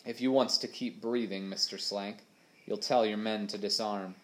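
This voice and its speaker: A man voicing a cool, calculating male pirate captain who speaks low and threatening. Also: fairly even intonation, moderate pace, a bit bright, close to an everyday voice. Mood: menacing.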